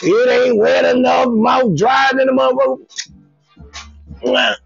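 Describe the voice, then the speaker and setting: A man with a high, gravelly voice tells raunchy stories on a live comedy stream and breaks into loud shouts and groans. He chats with his viewers by name. The audio is dull and lo-fi, with a dry, close sound. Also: expressive, unhurried, no room sound, faint music behind. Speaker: comedian hosting a live show. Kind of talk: raunchy comedic livestream monologue.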